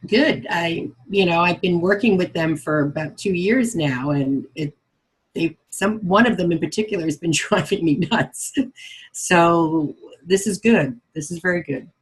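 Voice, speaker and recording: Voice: medium pitch, unhurried, husky, low-quality recording. A participant in a healing webinar, describing their experience hesitantly with fillers and occasional laughs. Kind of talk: casual sharing of experience.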